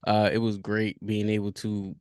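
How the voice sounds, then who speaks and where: A man's voice: lowish voice, completely flat delivery, moderate pace, a little mellow, clear, resonant tone, dry recording, studio quality. A man, hosting a podcast and thinking aloud in a rambling way, with many fillers and restarts. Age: 30s. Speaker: podcast host. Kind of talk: reflective solo podcast talk.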